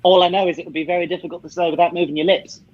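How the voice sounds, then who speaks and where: A young British man talks with playful comic timing, his husky voice a little breathy. The sound is dull and lo-fi, like a video call. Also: sits high, steady tone. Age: young adult. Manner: playful, quick banter with his puppet. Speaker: ventriloquist guest. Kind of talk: ventriloquism comedy routine.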